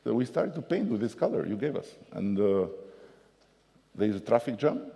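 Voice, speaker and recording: A man's voice: on the low side, normal speed, creaky. Albanian man telling stories in a hall. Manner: animated storyteller, acts out the people he quotes. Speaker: politician, interview guest. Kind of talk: anecdotal storytelling at a forum. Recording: long reverb of a conference hall.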